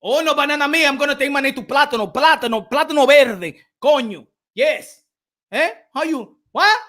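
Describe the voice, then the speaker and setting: A man's voice: very high-pitched, moderate pace, voice pushed up. A man doing a brash Dominican boxer's trash talk. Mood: taunting. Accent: Dominican Spanish. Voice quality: broken English mixed with Spanish curses. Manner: taunting, shouting, mocking. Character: brash trash-talking male boxer, cocky, taunting.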